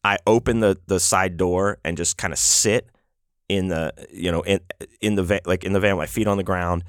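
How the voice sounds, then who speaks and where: A man's voice: sits low, fairly even intonation, moderate pace, no echo, clean studio sound. A man hosting a podcast, telling a road story in a rambling, profane, casual way with lots of fillers and restarts. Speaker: podcast host.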